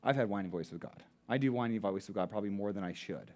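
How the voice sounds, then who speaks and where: A married man who preaches as a pastor, posing rhetorical questions and slowing down for emphasis. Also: lowish voice, darkish tone. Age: adult, married. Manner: rhetorical questions, dramatic slowing on key words. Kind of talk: sermon.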